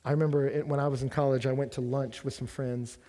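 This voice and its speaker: A man delivers a sermon in a casual, storytelling manner, peppered with rhetorical questions. His voice sits at an ordinary middle pitch. It rings out with the long reverb of a large hall at a college gathering. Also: flat delivery, fast talker, mellow. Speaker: preacher.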